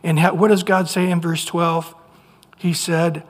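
Husky preacher in an echoing hall. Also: mid-range voice, unhurried. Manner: animated, with frequent restarts and rhetorical questions. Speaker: pastor. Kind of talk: sermon. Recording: long hall reverb.

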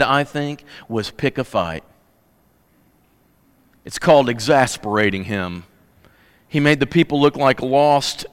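An emphatic, folksy man preaches in a church, swinging from loud, punchy bursts to low, quiet asides. His voice sits fairly high for a man. A long hall reverb trails after each phrase. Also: clean tone. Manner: folksy, humorous. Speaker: pastor. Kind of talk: sermon.

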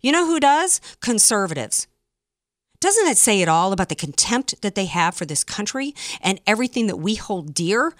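A woman's voice: medium pitch, a bit bright, no room sound, studio quality. A woman hosting a political talk radio show, speaking with indignant emphasis, full of fillers and restarts. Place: studio, also streamed live online.

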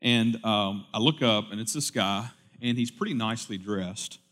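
Man pastor, sermon, loud preaching eases into relaxed anecdotes; reverberant hall. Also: on the low side, normal speed. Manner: swings from loud preaching to quiet storytelling.

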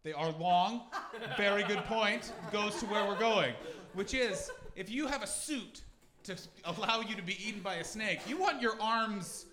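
A Canadian man doing a stand-up comedy set at a London pop-up venue, animated and sweary, with bursts of shouting. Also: high voice, unhurried, a crowd in the background. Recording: echoey live venue, audience noise.

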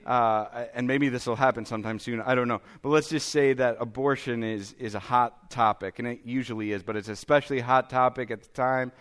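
Guy preaching, chatty and self-deprecating, asks "okay?" a lot, mid-pitched voice. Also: smooth. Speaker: pastor. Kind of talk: sermon.

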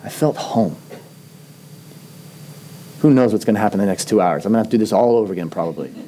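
A middle-aged man, a pastor, preaching a sermon in an earnest, conversational storytelling manner with slow, emphatic phrases. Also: on the low side, warm tone.

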